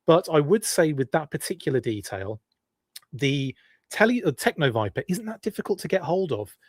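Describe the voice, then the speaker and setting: A man's voice: medium pitch, dry recording. English guy hosting a live stream, kinda posh, rambles and answers chat, dry close mic. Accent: well-spoken English. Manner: rambling and chatty, with frequent restarts and asides. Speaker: podcast host. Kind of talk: live-stream casual chat, reading viewer comments.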